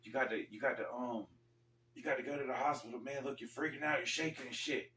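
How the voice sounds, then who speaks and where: A man quoting his excited male coworkers, urgent and slangy as they repeat themselves. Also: mid-range voice, fast talker, a little hiss or hum, voice pushed up, lightly acted. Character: excited male coworkers urging him to the hospital. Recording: roomy, distant mic.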